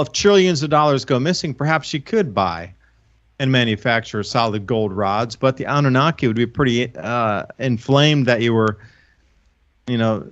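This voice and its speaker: A man's voice: mid-range voice, fairly bright tone. Earnest rambling man, lo-fi sound. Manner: rambling, earnest explanations with restarts. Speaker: guest, online channel host. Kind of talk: casual monologue on a show. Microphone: own microphone.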